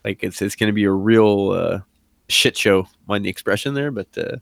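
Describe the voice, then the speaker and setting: A man chats on a podcast as a co-host, animated and excited. He talks loosely, full of fillers, and acts out little quotes as he goes. The sound is close and dry. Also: on the low side, moderate pace, creaky, dry recording. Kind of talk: casual chat.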